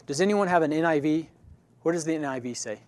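A man's voice: fairly high pitch, fast talker, no echo. A man teaching a Bible study class in a conversational way. He keeps checking in with his listeners and often restarts or corrects himself mid-sentence.

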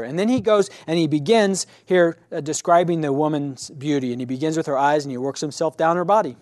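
A man's voice: fairly high pitch, a little fast, few pauses, a little mellow, no echo. A man teaching a Bible study class in a conversational way. He keeps checking in with his listeners and often restarts or corrects himself mid-sentence.

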